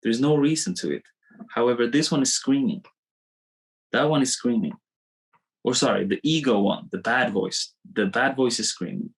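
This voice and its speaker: A man coaching a live online webinar, animated and repetitive as he draws on screen, talking into a computer mic. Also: medium pitch, moderate pace, vocal fry, low-quality recording. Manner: animated, repeats himself, drawing on screen.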